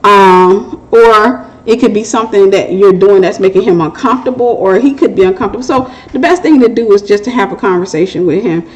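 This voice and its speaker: A middle-aged woman talks through a Christian relationship Q&A in an open, conversational way. She shares her own story with candor and keeps cracking jokes at her own expense. Her voice sits at an ordinary pitch for a woman. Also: brisk, few pauses, rough recording. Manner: candid, joking, laughs at herself. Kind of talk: casual testimony and advice.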